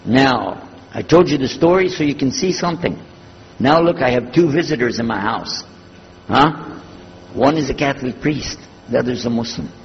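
An older man telling a story from his years as a preacher, husky and animated, acting out the dialogue. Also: medium pitch, moderate pace, slight background noise. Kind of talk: storytelling talk. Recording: lo-fi recording in a reverberant hall.

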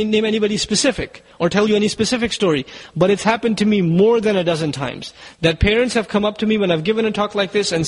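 Man preacher, high husky voice, urgent and exhorting, long hall reverb. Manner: urgent, exhorting, asks rhetorical questions. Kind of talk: sermon.

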